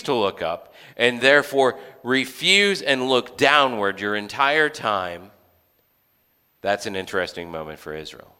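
A man's voice: mid-range voice, very animated, measured pace, sharp tone, clear, resonant tone. A man preaching a sermon as a pastor in a church, conversational, with joking asides and frequent restarts. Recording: long hall reverb.

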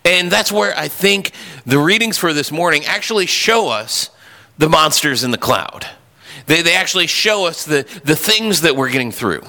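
A man's voice: a little high, animated, moderate pace, sharp tone. A man preaching a sermon earnestly, with frequent restarts and fillers. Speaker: pastor. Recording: hall reverb.

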